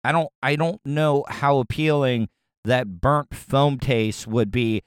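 A man's voice: medium pitch, takes it slowly, smooth, no room sound, clean studio sound. A man hosting a radio show, riffing on a news story with crude, rambling jokes and frequent restarts. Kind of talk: casual comedic commentary.

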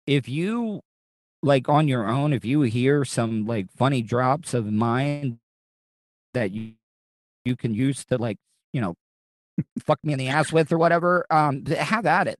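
A man hosting a podcast in loose, casual chat. He rambles and keeps restarting his sentences, and he swears freely. His voice sits at a middling pitch and sounds close and dry. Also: measured pace, long pauses, dry recording. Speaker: podcast host.

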